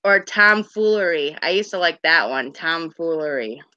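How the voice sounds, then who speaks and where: A woman's voice: sits low, animated, normal speed, bright, forceful tone, no room sound. Chatty woman on dull lo-fi stream audio. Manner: rambling, chatty storyteller. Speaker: livestream host. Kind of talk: casual chat.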